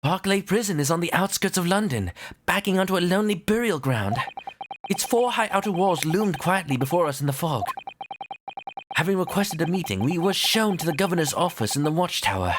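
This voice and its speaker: A man's voice: sits high, lively intonation, fairly quick, background noise, voice pushed up. A man voicing an earnest young male defense lawyer in a game let's play, polite and slightly nervous.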